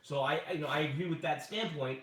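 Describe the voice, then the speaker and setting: A man's voice: fairly high pitch, fast, fairly bright tone, distant mic. Earnest preachy man in an echoey room. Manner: earnest, preachy, citing faith. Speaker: podcast co-host. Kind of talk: casual chat.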